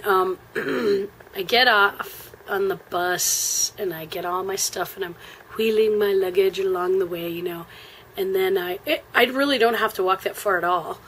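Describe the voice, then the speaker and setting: A woman with an American accent recounts a trip in a relaxed, chatty way. She rambles, fills pauses with ums and uhs, and keeps clearing her throat. A faint hiss of noise sits behind her voice. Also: medium pitch, rough recording. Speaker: traveler telling a trip story. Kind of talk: casual spoken storytelling.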